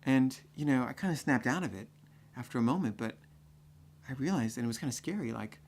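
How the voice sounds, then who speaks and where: A man's voice: medium pitch, a little fast. A man telling a personal story in a conversational way, full of fillers. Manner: conversational, full of fillers, builds to excited acting-out.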